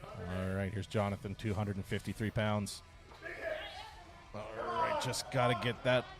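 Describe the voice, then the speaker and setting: A man giving live play-by-play commentary at a strength competition, cheering lifters on excitedly. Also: lowish voice, a little slow. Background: music playing.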